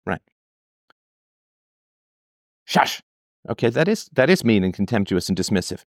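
A man's voice: fairly low pitch, big pitch swings, measured pace, no echo, clean studio sound. A man reading a text aloud and cutting in with sarcastic, emphatic commentary, often repeating phrases for effect.

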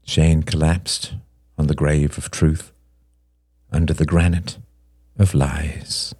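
Very deep, husky male narrator. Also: flat delivery, dark tone, dry recording, clean studio sound. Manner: slow, solemn, measured. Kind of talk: storybook reading.

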